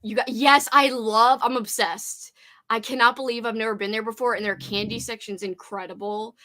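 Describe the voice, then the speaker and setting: A young woman hosting a casual livestream chat, giggly and animated, swearing now and then. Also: on the high side, moderate pace. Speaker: channel host.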